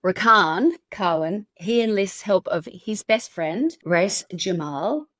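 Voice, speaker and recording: A woman's voice: mid-range voice, lively intonation, takes it slowly, a bit bright, no room sound, studio quality. A woman hosting a podcast, telling a true crime story in a chatty, casual way and laughing at her own slips.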